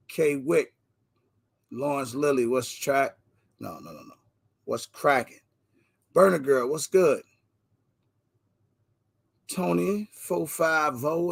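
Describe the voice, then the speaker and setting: A man hosting a casual livestream, giving energetic slangy shout-outs to viewers by name. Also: a little high, creaky, breathy edge. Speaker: livestream host.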